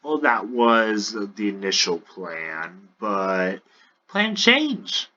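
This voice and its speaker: A blunt orc leader, gruff and slow-spoken, as a man puts him on. He speaks in halting bursts with a low voice, and the lo-fi recording sounds dull. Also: very animated, sharp tone, full character voice. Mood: friendly.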